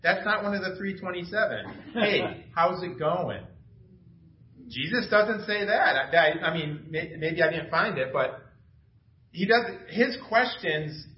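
A man's voice: high voice, lively intonation, normal speed, a little hiss or hum. Casual, chatty male pastor in an echoey room. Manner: informal, self-deprecating, asks the room questions. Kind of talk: conversational sermon. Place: small church room. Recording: echoey room from far off, dull sound.

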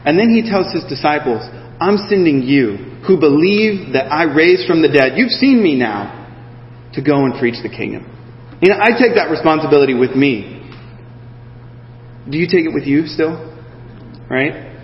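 An animated man preaching a relaxed sermon, his voice sitting fairly high and swinging widely in pitch. He keeps slipping into the voices of the people in his story. The sound is a little dull and rings through a large echoing hall. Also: normal speed, pauses often, slight background noise. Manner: animated, acts out voices of the disciples with many fillers. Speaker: pastor. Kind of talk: conversational sermon.

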